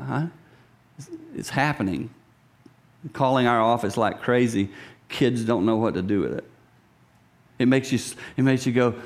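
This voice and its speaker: A middle-aged man preaching a sermon to his congregation. He talks animatedly, swinging between loud lines and hushed whispers and acting out voices. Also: fairly high pitch, lively intonation, normal speed, gravelly. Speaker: pastor.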